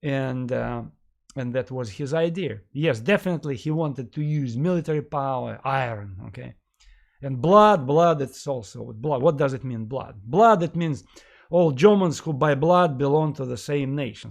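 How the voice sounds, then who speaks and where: A man giving a history lecture to a class, emphatic and animated, who often asks rhetorical questions and uses many fillers. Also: medium pitch, normal speed, vocal fry.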